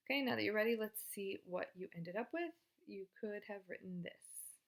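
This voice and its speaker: A woman's voice: medium pitch, normal speed. A woman teaching a Spanish grammar video lesson in a casual, chatty and encouraging way.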